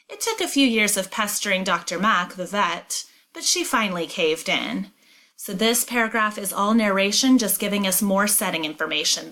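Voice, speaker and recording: A woman teacher reading a novel aloud and explaining it, clear and emphatic. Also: mid-range voice, a bit bright.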